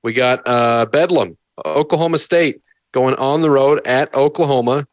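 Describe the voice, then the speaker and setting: A man's voice: medium pitch, moderate pace, dry recording. A man hosting a sports betting show, giving his picks and moving through the games in an easygoing way. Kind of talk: casual sports betting chat.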